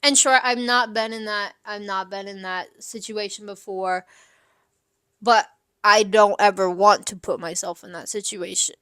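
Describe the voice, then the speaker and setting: A young woman hosting an advice show, chatting candidly with lots of fillers and lively asides. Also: medium pitch, unhurried, no echo, clean studio sound. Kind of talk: casual advice chat.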